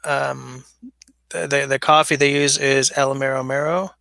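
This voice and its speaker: A man's voice: medium pitch, little pitch movement, unhurried, creaky, bright, forceful tone, dry recording. A man hosting a casual livestream, rambling and chatting while he reads viewer comments aloud. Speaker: livestream host. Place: basement. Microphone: smaller mic than his usual setup.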